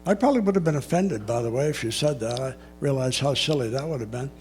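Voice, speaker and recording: Older man telling a story, measured. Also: medium pitch, lively intonation, a little mellow, faint music behind. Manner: measured and reflective, with dry asides. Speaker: public speaker. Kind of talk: personal storytelling talk.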